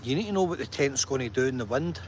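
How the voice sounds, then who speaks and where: A man's voice: mid-range voice, expressive, quick pace, slight background noise. A man vlogging to camera, chatty and enthusiastic, often checking in with "right?". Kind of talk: walking vlog talk to camera.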